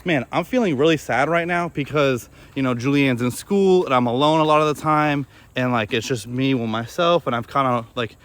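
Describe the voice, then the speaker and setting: A young man speaking in a personal vlog, his delivery flat and deadpan, full of restarts and trailing thoughts. His voice sits at an ordinary middle pitch, and he talks in a candid, self-reflective way. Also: normal speed, hardly any pauses, clean tone. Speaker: video creator.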